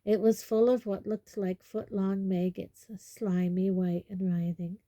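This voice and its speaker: A woman narrating a storybook chapter in a measured, expressive reading. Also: mid-range voice, dry recording. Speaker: audiobook reader.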